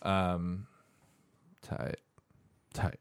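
A man co-hosting a casual podcast, chiming in with dry, quick asides. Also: low voice, monotone, clean tone. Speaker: podcast co-host. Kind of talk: casual chat.

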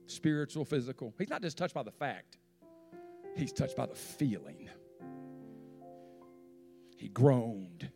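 A man preaching to his congregation with a lively, swooping voice that climbs high and drops low. His delivery is dramatic, with sudden loud rises and hushed drops. Faint music plays softly behind him. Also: slow pace, creaky, long pauses. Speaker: pastor. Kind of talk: sermon. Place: church sanctuary.

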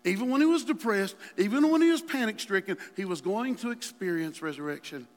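A male pastor preaching a sermon with passion, dropping to a hush and then rising to near shouts. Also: high voice, expressive, brisk. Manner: impassioned preaching, swings from hushed to shouting. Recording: long hall reverb.

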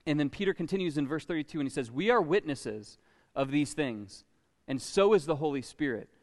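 A man preaching a sermon, animated and full of stammering restarts, recorded in a church sanctuary. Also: fairly high pitch, fairly quick. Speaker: pastor. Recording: long church hall reverb.

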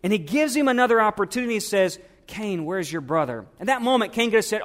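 A man preaching a sermon, swinging from hushed, earnest asides to emphatic, building lines. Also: sits high, expressive, fast, few pauses. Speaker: pastor.

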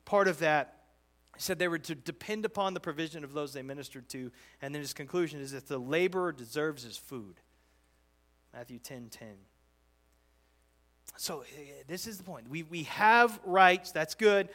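A man with a high, bright voice preaches through a passage verse by verse. He talks in a loose, conversational way, restarting phrases and swelling into animated, emphatic stretches. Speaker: pastor. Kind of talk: expository sermon.

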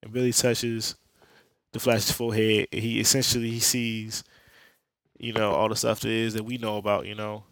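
Gravelly low-voiced man, flat slangy delivery. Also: moderate pace, no room sound. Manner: streetwise, profane, joking. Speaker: podcast host. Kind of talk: casual slangy comic book recap.

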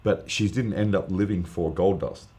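A man, a guest preacher, telling an earnest, animated testimony story in casual podcast chat, with lots of fillers. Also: low-pitched, moderate pace.

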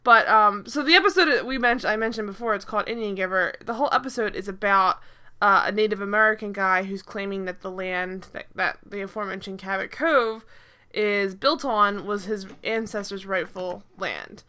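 Reviewing a TV episode on her podcast, this co-host speaks at a normal speed in a mid-range voice that sounds sharp, clear and resonant. She rambles loosely, leaning heavily on "like" and often starting her sentences over.

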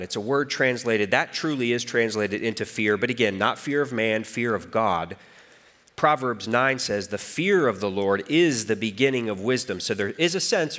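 A man delivering a church sermon as the pastor. He tells stories with animated delivery, his voice rising for emphasis and dropping low and quiet for reflection. His pitch sits in a typical middle range for a man.

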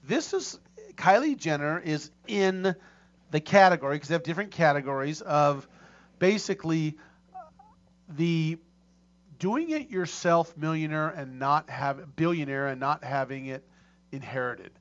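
A middle-aged man hosts a casual talk show in a slightly high voice, rambling and restarting his sentences. The audio is dull and lo-fi. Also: animated, unhurried. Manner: rambling, many restarts and fillers. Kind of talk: casual chat.

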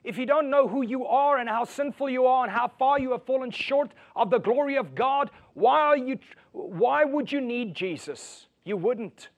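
A man preaching a sermon, swinging from loud emphatic lines to hushed storytelling and asking his listeners rhetorical questions. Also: very high voice, animated, normal speed, highs cut off. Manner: asks the audience rhetorical questions. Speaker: pastor.

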